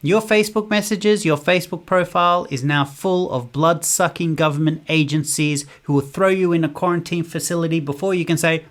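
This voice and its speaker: A man's voice: on the high side, fairly bright tone. A man giving an indignant political commentary monologue. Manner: indignant, rapid-fire rhetorical.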